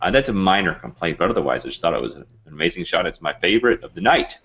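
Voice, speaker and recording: A man's voice: deep voice, big pitch swings, fast talker, vocal fry, a bit bright, dull audio. A man hosting an online show, talking casually and rambling with lots of fillers. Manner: rambling, chatty, many fillers. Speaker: host. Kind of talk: casual video call chat.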